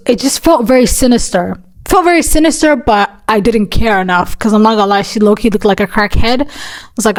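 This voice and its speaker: A young woman telling a story in a casual vlog, chatty and animated, with plenty of fillers and casual swearing. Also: medium pitch. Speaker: vlogger.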